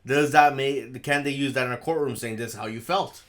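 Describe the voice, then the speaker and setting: A man co-hosting a casual podcast over a video call, talking loosely and excitably, swearing and laughing often. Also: mid-range voice, fairly quick. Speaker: podcast co-host.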